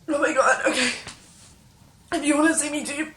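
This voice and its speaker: A young woman with a high, slightly bright voice vlogs a chili challenge in casual chat, panicky and exclaiming, teary and in pain. The room is echoey with faint background noise.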